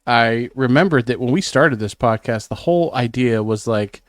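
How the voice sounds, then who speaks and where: A man with a mid-range voice co-hosts a podcast at a moderate pace, recorded dry with clean studio sound. He's a bit sick, clearing his throat, and rambles in casual chat in a self-conscious way.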